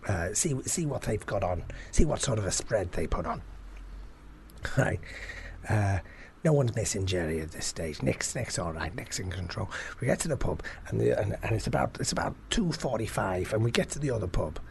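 A man's voice: lowish voice, animated, moderate pace, creaky, darkish tone, slight background noise. A man co-hosting a comedy podcast, telling stories in a casual chat, laughing often and swearing freely. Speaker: podcast co-host.

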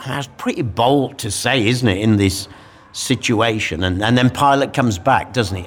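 Guy explaining a bible scene in a relaxed chat, reflective, animated. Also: medium pitch, a little slow. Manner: reflective, animated, acts out quoted lines. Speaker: guest speaker explaining a Bible passage. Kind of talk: conversational Bible discussion.

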